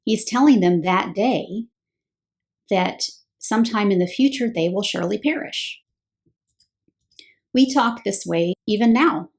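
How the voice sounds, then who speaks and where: A woman's voice: mid-range voice, lively intonation, measured pace, pauses often, darkish tone. A woman giving a scripted Bible teaching talk, explaining step by step and posing rhetorical questions.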